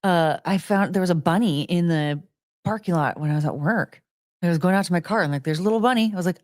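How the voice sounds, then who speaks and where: A livestream host with a fairly low voice talks fast to her viewers, rambling, giggling and stopping mid-sentence to change course. The recording is studio quality, with no room sound.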